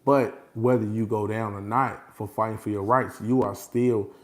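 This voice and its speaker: A man talking casually and without a script to his followers, animated and repetitive, often breaking into laughter. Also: fairly low pitch, moderate pace. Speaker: vlogger addressing his followers. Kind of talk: casual unscripted monologue.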